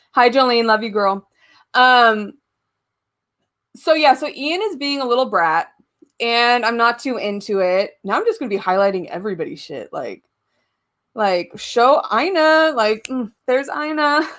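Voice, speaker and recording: A woman's voice: on the high side, a bit bright. A young woman hosting a casual live stream from home, chatting to viewers, giggling often and swearing casually. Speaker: YouTube live-stream host.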